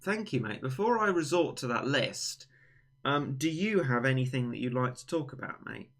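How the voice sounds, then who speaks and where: A man's voice: medium pitch, animated, moderate pace, a bit bright. A young man hosting a livestream, chatting casually in a rambling, self-mocking way. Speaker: livestream host. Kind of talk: casual chat on a stream.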